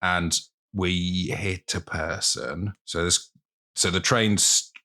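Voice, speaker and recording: A man's voice: low-pitched, steady tone, slow, sharp tone. A man co-hosting a podcast, chatting casually with dry, teasing remarks. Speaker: podcast co-host. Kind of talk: casual chat.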